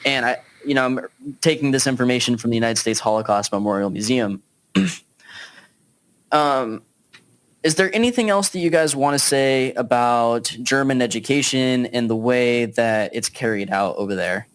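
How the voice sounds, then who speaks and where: A man's voice: medium pitch, moderate pace, clear, resonant tone. A man hosting a podcast, leading a casual political discussion with frequent fillers. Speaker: podcast host.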